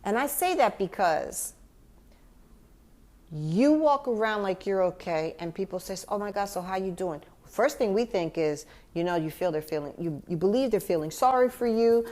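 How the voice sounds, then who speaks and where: A woman hosting a podcast, speaking gently and from the heart to the listener as a grieving mother reflecting on loss. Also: medium pitch, lively intonation, normal speed. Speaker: podcast host. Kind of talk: personal reflective monologue.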